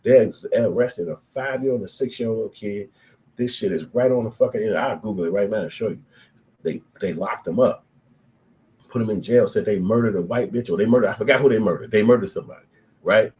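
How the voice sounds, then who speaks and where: A man around thirty telling stories in casual street slang, animated and profane, acting out the voices of people in his stories. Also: on the low side, a little fast, rough recording. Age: 20s to 30s. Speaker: storyteller. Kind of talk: casual street storytelling monologue.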